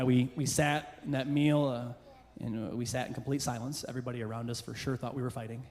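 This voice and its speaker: A man telling a funny personal story in a sermon to a church crowd, moving between playful jokes and hushed earnest moments. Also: medium pitch. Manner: comic, self-deprecating storyteller who shifts into hushed earnest passages. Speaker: church speaker. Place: church hall with a live audience. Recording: roomy hall reverb with faint background noise.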